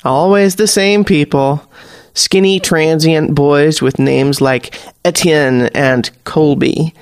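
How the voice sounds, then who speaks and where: Slow, deliberate male storyteller. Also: on the high side, steady tone, smooth, no echo, clean studio sound. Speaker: story narrator. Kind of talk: scripted narration.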